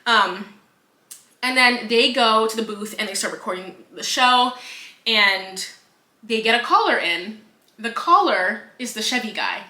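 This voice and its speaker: Bright-voiced woman recapping a book. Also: a little high, unhurried, reverberant. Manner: animated retelling with acted-out quotes and swearing. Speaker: podcast co-host. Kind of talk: casual book review chat.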